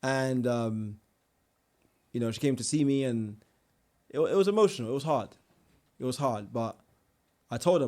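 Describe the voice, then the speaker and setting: A man's voice: medium pitch, moderate pace, pauses often. Young man telling his story. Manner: animated storyteller, many restarts and slang. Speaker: guest. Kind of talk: casual interview storytelling.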